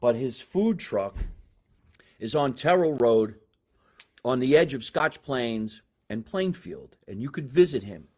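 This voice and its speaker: Hammy New comedy host. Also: male voice, mid-range voice, lively intonation, takes it slowly. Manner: loud, hammy showman, big swings in volume. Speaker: podcast host. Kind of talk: live comedy show hosting. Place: basement.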